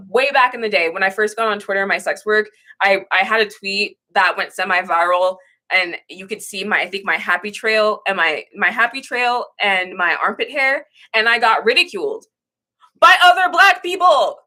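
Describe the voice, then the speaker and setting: Bright-voiced young woman ranting candidly. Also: medium pitch. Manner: candid, swearing, emotional rants; rambling with frequent restarts. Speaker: livestream host. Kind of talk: casual livestream chat.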